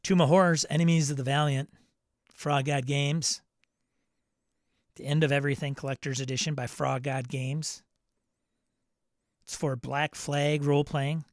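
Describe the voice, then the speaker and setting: A man's voice: fairly high pitch, little pitch movement, measured pace, pauses often, no echo. Chatty man with a dry close sound. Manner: chatty, reads listings then riffs with laughs and asides. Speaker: podcast host. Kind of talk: casual solo news rundown.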